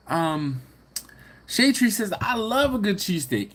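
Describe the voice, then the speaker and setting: Animated man hosting a live chat. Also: high-pitched, a little slow. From Philadelphia. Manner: animated, laughs often, reads comments aloud. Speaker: livestream host reading chat.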